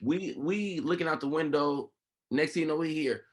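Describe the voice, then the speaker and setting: A man hosting a podcast in casual chat, telling a story with lively, acted-out quotes from the people in it. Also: on the high side, normal speed. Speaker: podcast host.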